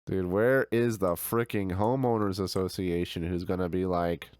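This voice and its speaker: Laid-back guy streaming a game, lowish voice, chatty with his chat, dry close mic. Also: fairly even intonation, normal speed, darkish tone, no room sound. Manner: easygoing, chatty, answers chat with frequent laughs. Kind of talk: casual gameplay chat.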